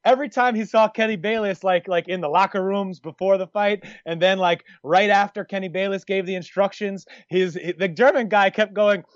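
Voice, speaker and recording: A man's voice: high voice, fairly even intonation, normal speed, few pauses, no room sound, lo-fi sound. A man co-hosting a podcast, talking in a rambling, jokey way with lots of restarts. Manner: rambling, self-interrupting, jokey. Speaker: podcast co-host. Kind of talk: casual podcast chat.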